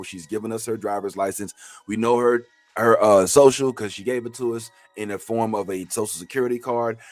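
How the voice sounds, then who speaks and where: A man with a fairly low voice teaches a tax preparation training class, animated and joking, with sudden preacher-like outbursts.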